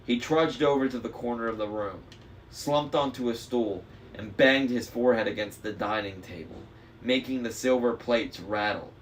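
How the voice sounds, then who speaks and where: A man reading a novel aloud in first person on a live stream, steady with small slips. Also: medium pitch, moderate pace. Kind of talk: audiobook reading. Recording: faint noise, slightly distant mic.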